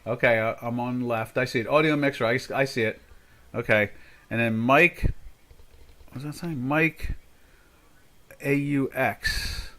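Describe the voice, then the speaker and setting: A man's voice: mid-range voice, unhurried, pauses often, bright, forceful tone, slight background noise. An older man hosting a live trading stream, chatting casually and thinking aloud as he works. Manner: chatty, thinking aloud while fixing settings. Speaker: trading show host.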